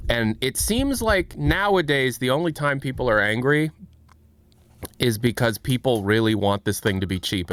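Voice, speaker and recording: A man's voice: medium pitch, a bit bright. An American man hosting a livestream, talking casually and frankly, often restarting his sentences. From United States. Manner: rambling, self-interrupting, frank. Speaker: livestream host.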